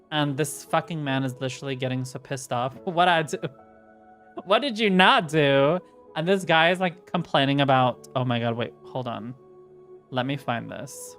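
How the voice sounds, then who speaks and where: A woman livestreaming and chatting casually with her chat. She rants, swears and shoots her voice up when she is worked up. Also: extremely low pitch. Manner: ranting, swearing, reacting to chat; animated, voice jumps up when worked up. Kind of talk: casual chat while streaming. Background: faint music.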